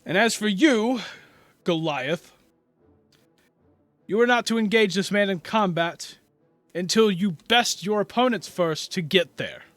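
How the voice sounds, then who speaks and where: A man voicing an excitable male tournament announcer who booms his announcements like a showman. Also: unhurried, long pauses, no echo, faint music behind. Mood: showy, commanding.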